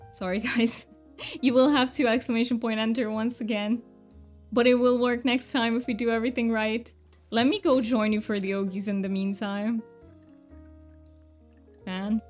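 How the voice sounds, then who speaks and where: A woman game streamer chatting casually with her viewers, self-deprecating and thanking chat. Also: fairly high pitch.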